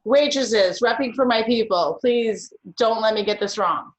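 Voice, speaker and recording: A woman's voice: on the high side, a little slow, reverberant. A woman competing in a casual spelling bee who chats and laughs often. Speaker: contestant.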